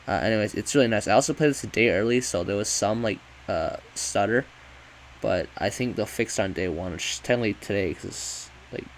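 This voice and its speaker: A man with a lowish voice rambling through a casual game review, swearing freely and backtracking mid-sentence. Faint noise hums behind him. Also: a little fast, rough recording. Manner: rambling, profane, self-correcting.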